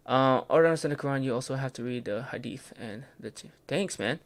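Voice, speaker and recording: This man runs a relaxed Bible study stream late at night, speaking at a medium pitch and a fairly quick clip with no echo. He's halting and full of fillers, fumbling words and fixing them, and he replies to viewers' comments in passing.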